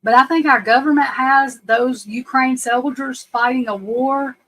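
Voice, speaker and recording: A woman's voice: sits high, steady tone, measured pace, fairly bright tone, low-quality recording. A middle-aged woman from the United States hosting a live stream, rambling and frank, restarting her sentences and swearing casually.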